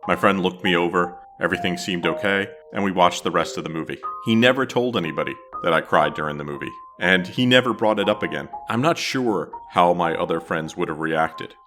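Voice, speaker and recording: Deep-voiced man hosting a retro podcast. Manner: reflective storytelling. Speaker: podcast host. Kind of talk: scripted podcast narration.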